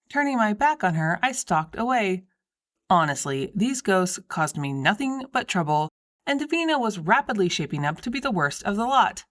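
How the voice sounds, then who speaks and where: A woman reading a first-person story as an audiobook narrator, with a wry, lively delivery. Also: medium pitch, normal speed.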